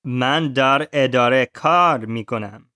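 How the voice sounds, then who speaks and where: A man's voice: mid-range voice, quick pace, sharp tone. A male student in a language lesson echoes each word after his teacher. He repeats them carefully, and the recording is dry and close.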